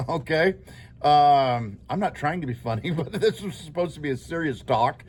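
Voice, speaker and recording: A man's voice: on the high side, animated, moderate pace, slightly rough. A middle-aged man, a teacher, giving his class a rambling, informal talk, often chuckling and checking in with "okay?".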